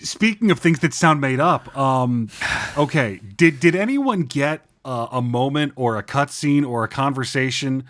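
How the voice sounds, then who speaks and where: A man's voice: mid-range voice, measured pace, fairly bright tone. A man on a casual podcast, speaking in a dry, sardonic way. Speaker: podcast co-host.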